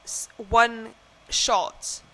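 A woman's voice: fairly high pitch, little pitch movement, extremely slow, bright, forceful tone. A young woman co-hosting a podcast, chatting casually about a film, gushing and full of fillers and restarts. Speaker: podcast co-host. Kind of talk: casual film-review chat.

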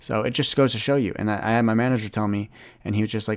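A man's voice: on the low side, steady tone, racing. A man in his twenties talking earnestly in a rambling solo podcast monologue, often restarting his sentences. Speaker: podcast host.

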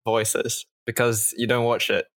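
A man co-hosting a podcast, talking casually in a halting way with restarts and fillers. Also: mid-range voice, little pitch movement, a bit bright. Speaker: podcast co-host. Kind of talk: casual chat.

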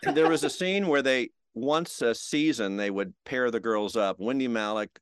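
A man's voice: mid-range voice, normal speed, clear, resonant tone, no echo. Middle-aged male guest, chatty storyteller who plays out dialogue; dead-dry recording. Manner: animated anecdotes with acted-out quotes. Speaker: guest, TV host. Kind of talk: storytelling interview.

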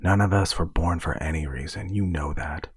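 Man playing a weary ex-spy, deep, dry storybook delivery. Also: breathy edge, no room sound, exaggerated voice. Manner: tired, halting. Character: weary burned-out male former agent.

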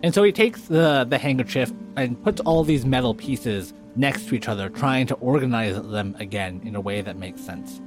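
A man's voice: mid-range voice, lively intonation, moderate pace, hardly any pauses, music in the background. A man playing a tabletop game, chatting loosely and filling his talk with "like". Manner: rambling, lots of "like". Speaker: player. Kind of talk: casual chat in a tabletop game.

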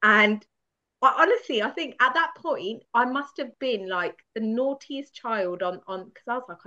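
A woman guest from the UK telling a candid story with animated, laughing self-mockery. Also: on the high side, normal speed. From United Kingdom. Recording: dull lo-fi sound.

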